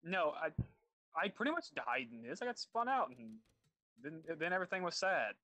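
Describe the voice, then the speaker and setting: A man with a Southern US accent chats as a guest analyst over a voice call, easygoing and joking. His voice is bright and a bit tense, pitched somewhat high. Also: sing-song, moderate pace, low-quality recording. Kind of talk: casual chat over voice call.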